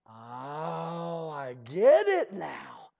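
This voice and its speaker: A man preaching a fiery sermon, breaking into shouts and slow drawled asides and calling out to the congregation. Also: a little high, huge pitch swings, vocal fry. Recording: dull lo-fi church recording.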